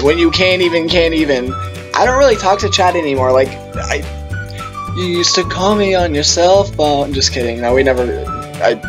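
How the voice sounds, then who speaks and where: A man's voice: medium pitch, rough recording. A young man vlogging a casual storytime, rambling through tangents and quoting himself in funny voices.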